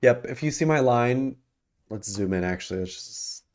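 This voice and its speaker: A man's voice: mid-range voice, lively intonation, normal speed, darkish tone. A man hosting a casual stock commentary over his screen, talking loosely with many ums and self-corrections. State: yawning and hiccuping. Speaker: investing channel host.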